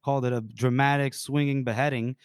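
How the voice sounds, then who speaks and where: A man's voice: medium pitch, fairly even intonation, a little fast, clean tone, no room sound, studio quality. A man co-hosting a podcast, casually retelling a book scene, laughing often and swearing freely. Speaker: podcast co-host.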